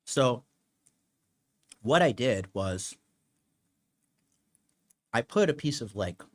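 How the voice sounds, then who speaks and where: A young man talks straight to his listeners, swearing freely and wandering through a personal story with plenty of fillers. His voice sits at an ordinary middle pitch, and his delivery is blunt and casual. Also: expressive, drawn-out words. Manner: blunt, profane, rambling with fillers. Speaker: podcast host.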